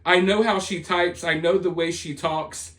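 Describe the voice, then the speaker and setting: Guy with a pretty high voice doing a snarky rambling commentary rant. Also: steady tone, unhurried, a bit bright. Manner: sarcastic, dismissive, rambling. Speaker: commentary channel host. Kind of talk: opinionated commentary monologue.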